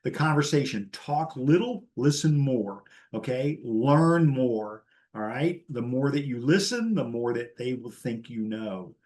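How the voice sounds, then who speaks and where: A man's voice: mid-range voice, lively intonation, unhurried, darkish tone. A man teaching a live real estate class, blunt and chatty, acting out the dialogue he quotes.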